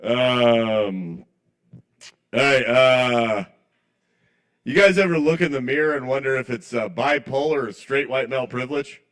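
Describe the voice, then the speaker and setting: A man's voice: mid-range voice, unhurried, a bit bright. Man, stand-up comedian, rambling, self-deprecating, apologetic, laughs at own jokes, small bar open mic. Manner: chuckles at his own jokes.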